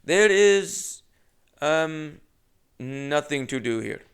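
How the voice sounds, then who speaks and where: A man putting on a slow, nosy motel clerk. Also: fairly high pitch, expressive, clean tone, voice pushed up, exaggerated voice. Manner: halting broken English, slow and odd.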